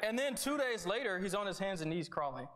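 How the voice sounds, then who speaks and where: A man's voice: high-pitched, big pitch swings, a little fast, crowd noise. Earnest young man preaching casually. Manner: conversational, earnest, with repeated starts and "right?" asides. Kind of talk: sermon.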